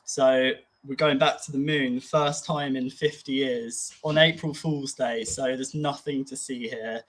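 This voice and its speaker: A man's voice: medium pitch, steady tone, a little slow, a bit bright, low-quality recording. A man co-hosting a casual podcast chat, musing aloud in an easygoing way with many fillers. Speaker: podcast co-host.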